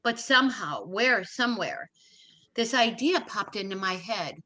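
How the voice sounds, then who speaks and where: An interview guest in middle age, she has a mid-range voice with lively intonation and a sharp edge, and she takes her time. Her emotional personal story comes alive through quoted exchanges and emphatic repetition.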